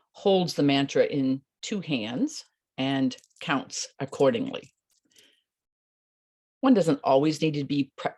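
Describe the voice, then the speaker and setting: A woman teaching a meditation practice, speaking in a calm, unhurried and gentle way. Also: very deep voice. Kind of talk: instructional talk.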